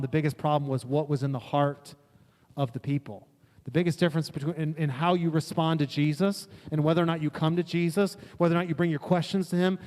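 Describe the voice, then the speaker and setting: Male pastor, fairly high voice, casual storytelling sermon, long hall reverb. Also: a little mellow. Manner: conversational, acts out quotes in casual voices. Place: church sanctuary.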